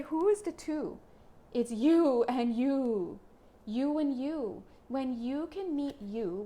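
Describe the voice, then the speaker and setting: A fairly high-pitched woman talks straight to her viewers in a casual card reading, chatty and quick to get excited. She slips into playful little voices as she goes. A faint hum of noise sits under her voice. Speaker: spiritual card reader.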